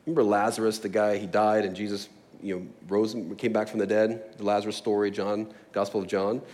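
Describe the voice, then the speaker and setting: A man's voice: on the low side, flat delivery, a little fast, a little mellow. A man preaching a sermon in a church, conversational and prone to laughing, building to emphatic passages. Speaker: pastor. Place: church sanctuary.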